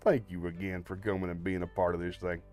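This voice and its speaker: A man's voice: deep voice, level tone, quick pace, darkish tone, faint music behind. A man hosting a livestream, chatting to viewers in a friendly, rambling way with many fillers. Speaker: livestream host. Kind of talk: casual chat to viewers.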